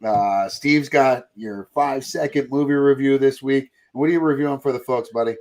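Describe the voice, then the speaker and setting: A podcast host chats casually about pop culture, joking, rambling loosely and laughing readily. He has a medium-pitched voice with a darkish tone.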